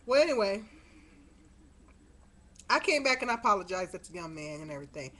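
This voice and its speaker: In a casual webcam monologue, a middle-aged vlogger speaks briskly with big pitch swings in a fairly bright, mid-range voice. She rambles and sounds exasperated, filling the story with fillers, all captured through her webcam mic.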